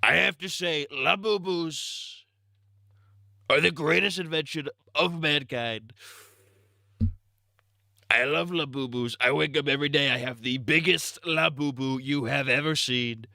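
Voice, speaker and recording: Bragging older male politician impression by a man, pitched up, bright and dry. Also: measured pace, gravelly, no room sound, exaggerated voice. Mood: boastful. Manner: bragging, rambling boasts. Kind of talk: comedic impression on a game stream.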